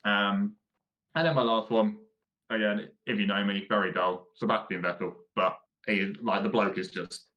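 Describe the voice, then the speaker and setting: A young man co-hosting a casual podcast, relaxed and easygoing, bantering with laughs. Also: lowish voice, normal speed, lo-fi sound. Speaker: podcast co-host. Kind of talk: casual chat.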